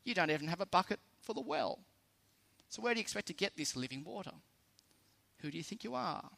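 A man's voice: high-pitched, expressive, fairly quick, creaky, sharp tone, in a large hall, exaggerated voice. A man reading a skeptical woman at the well. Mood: incredulous.

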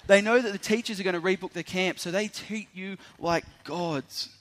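Brief: young Aussie preacher, animated storyteller, fairly high voice. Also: male voice, moderate pace. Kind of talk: sermon with a storytelling opening.

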